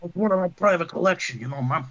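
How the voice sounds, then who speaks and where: A man playing a slick, cocky hustler with a high, easygoing drawl, tossing in "man" all the time. The sound is dull and lo-fi. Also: expressive, fast, a bit bright. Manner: laid-back, tosses in "man" constantly.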